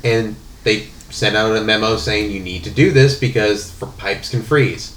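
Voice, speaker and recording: A man's voice: lowish voice, moderate pace, fairly bright tone. A man in casual conversation, winding through a story with restarts and filler words. His voice sits in a roomy, echoing space with faint ambient noise underneath. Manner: rambling, many fillers and restarts. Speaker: podcast guest telling a work story.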